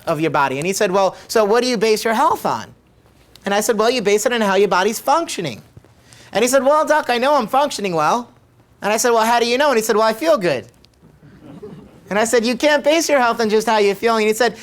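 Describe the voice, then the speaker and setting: A middle-aged man, a chiropractor, telling a patient story to camera in a conversational way and repeating his questions for emphasis. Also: high-pitched. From United States.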